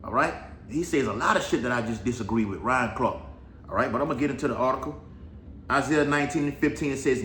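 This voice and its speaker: A man preaches end-times commentary in a loose, rambling way, swearing freely and tossing in "all right" again and again. His voice sits at a middle pitch. The room is echoey, with faint noise behind him. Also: quick pace, a bit bright. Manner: rambling, profane, keeps saying "all right". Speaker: Bible prophecy commentator.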